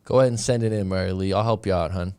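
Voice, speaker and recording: A man with a somewhat low voice talks loosely through viewer questions as a dating coach on a live stream. He rambles, restarts his sentences and drifts into side stories, keeping a relaxed, chatty flow. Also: racing, smooth. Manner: rambling, with many restarts and asides. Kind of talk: casual live-stream chat reading viewer comments.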